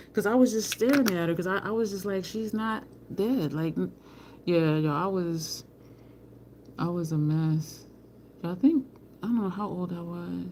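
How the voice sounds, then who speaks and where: Hosting a casual livestream from home beside an open balcony window, a woman with a lowish, darkish voice tells rambling stories and answers viewer comments, calling the chat "y'all." She laughs frequently, and faint street traffic drifts in.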